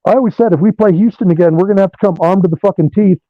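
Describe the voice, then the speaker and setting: High-voiced swearing rock guitarist. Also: male voice, racing, no echo. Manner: animated, swears freely. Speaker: guitarist guest. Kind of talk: profane storytelling interview. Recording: dull lo-fi dry sound.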